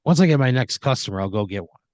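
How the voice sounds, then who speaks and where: A man's voice: mid-range voice, lively intonation, fast, a little mellow, no echo, natural voice. A man voicing a grumpy, touchy male boardwalk caricature artist who gives short, curt replies.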